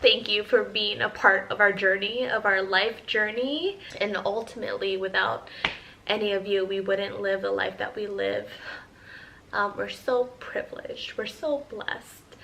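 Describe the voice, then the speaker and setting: A woman's voice: mid-range voice, creaky, pushed and bright, slight background noise, low-quality recording. A pregnant woman in her thirties, a mom vlogger chatting candidly with her viewers in a casual Q&A update.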